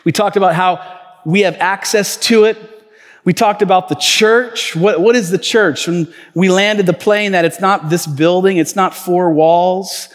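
A man's voice: high-pitched, steady tone, measured pace. A man preaching a sermon as pastor, telling stories casually with lots of fillers. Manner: conversational storytelling with many fillers. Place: church auditorium. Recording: reverberant church hall.

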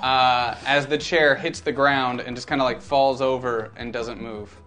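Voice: medium pitch, steady tone, measured pace, a bit bright, soft background music. Laughing tabletop game master.

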